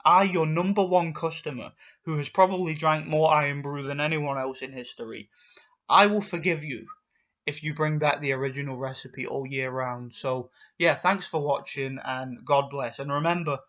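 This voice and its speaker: A man's voice: a little high, fairly even intonation, moderate pace, fairly bright tone. Man with ranting indignantly. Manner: indignant ranting, stammering restarts. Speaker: vlogger. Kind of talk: ranting vlog commentary. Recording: dull lo-fi recording.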